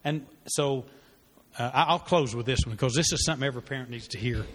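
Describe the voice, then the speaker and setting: A man's voice: mid-range voice, fast talker. A man leading a church parenting class, talking earnestly and conversationally, with fillers and restarts. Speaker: pastor teaching a parenting class. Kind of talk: sermon-style teaching with a story. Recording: long hall reverb.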